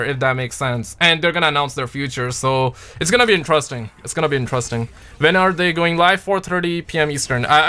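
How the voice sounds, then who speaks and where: A young man chatting casually on a livestream, reading out viewers' names and talking games in slangy, animated bursts. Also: a little high. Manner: slangy, animated, reads chat aloud. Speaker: streamer.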